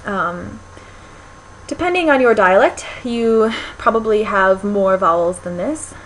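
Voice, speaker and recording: A woman's voice: medium pitch, lively intonation, unhurried, a little hiss or hum, poor audio. A young woman teaching a recorded linguistics lecture, explaining step by step with frequent ums and restarts. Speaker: linguistics instructor.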